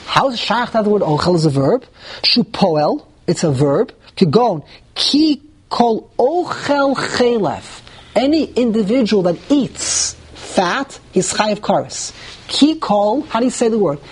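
A man teaching a Talmud class to students in a room, animated and repeating words as he thinks aloud, often asking the class questions and answering them himself. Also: high voice, normal speed, slightly rough. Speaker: Torah teacher.

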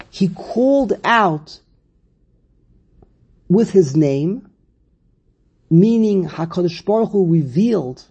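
A man's voice: high-pitched, gravelly, dark tone, slightly rough, muffled recording. A man giving a Torah lesson on a verse, who repeats phrases and restarts often as he explains. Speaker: Torah teacher. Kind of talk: text study lecture.

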